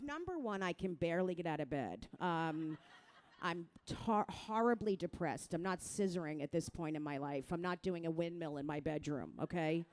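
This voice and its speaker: A middle-aged woman from New Jersey doing a crude, self-mocking stand-up set, talking straight to the crowd and jumping into loud mock voices. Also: on the low side, expressive, normal speed. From New Jersey, USA. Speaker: stand-up comedian.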